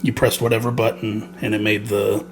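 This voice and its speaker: A man's voice: on the low side, flat delivery, normal speed, a little hiss or hum. Laughing man chatting about a game. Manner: laughs often, rambling with many fillers. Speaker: podcast co-host. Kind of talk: casual game review chat.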